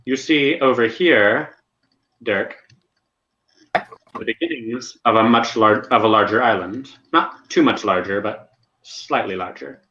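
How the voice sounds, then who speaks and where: A man's voice: lowish voice, a little slow, pushed and bright. A man acting as game master, narrating a tabletop game in a casual, descriptive way with frequent restarts. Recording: echoey dull lo-fi voice chat.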